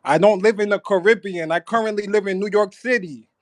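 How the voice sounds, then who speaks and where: A man's voice: sits high, a little fast, dry recording. A man calling in to a talk show, objecting and complaining about what the host says. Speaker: caller.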